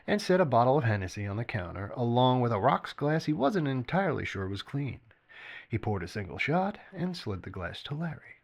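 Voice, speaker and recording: A man reading his own story aloud as narrator, expressive, with occasional slips and restarts. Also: mid-range voice, vocal fry.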